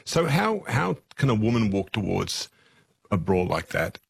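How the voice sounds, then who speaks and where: A man interviewing a guest, asking measured, probing questions. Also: lowish voice, big pitch swings, gravelly, husky, dry recording, clean studio sound.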